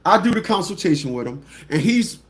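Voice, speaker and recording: A man hosting a livestream talk show, telling a story bluntly and mockingly, repeating phrases and mimicking people with shrill squawks. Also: lively intonation, moderate pace. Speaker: radio show host.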